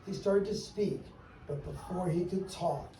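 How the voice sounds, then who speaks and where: A man with a high-sitting, warm voice reads a rhyming story to kids at a measured pace and leads a sing-along, playfully teasing them into joining. The room echoes, the mic is distant, and there's background noise.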